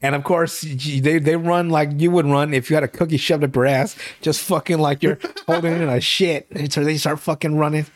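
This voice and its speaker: A man's voice: fairly high pitch, steady tone, fairly quick, few pauses. A young man hosting a podcast, recapping a TV show in casual, profane, rambling chat and laughing often. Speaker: podcast host.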